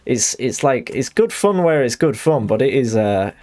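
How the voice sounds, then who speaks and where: A man's voice: mid-range voice, expressive, normal speed, darkish tone. A young adult man, streaming a game and chatting in a rambling, self-deprecating way. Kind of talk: casual chat while gaming.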